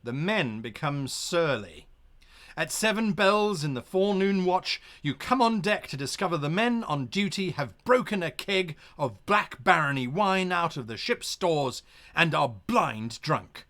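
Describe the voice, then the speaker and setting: A man's voice: on the high side, expressive, fairly bright tone. A man streaming live as game master, reading a gamebook aloud and chatting playfully with his viewers. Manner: brisk, playful, talks back to the chat.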